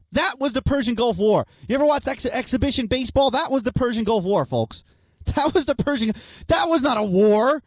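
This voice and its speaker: Young guy with a high voice doing a swear-heavy radio rant, dry close sound. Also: no echo. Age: young adult. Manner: blunt, profane, ranting, addresses listeners as guys and folks. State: out of breath. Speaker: radio show host reading listener messages. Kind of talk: opinionated talk radio rant.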